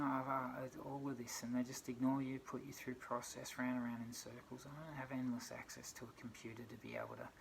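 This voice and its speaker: A middle-aged Australian man speaking in a gravelly voice that stays flat in pitch. He rants with frustration and throws out one rhetorical question after another, with a faint hiss of noise behind him. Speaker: vlogger. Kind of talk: aggrieved personal rant.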